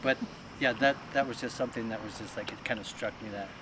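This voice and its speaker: A man tells a personal story gently and reverently. His voice is low. Loud traffic noise rolls behind him. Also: fast talker. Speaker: guest sharing a story. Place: outdoors beside a road.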